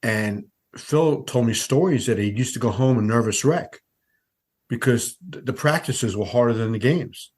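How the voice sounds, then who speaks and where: A man's voice: medium pitch, normal speed, darkish tone, slightly rough. A man in his sixties, a veteran sportswriter, telling stories as a podcast guest in a conversational way with frequent restarts. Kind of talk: podcast interview.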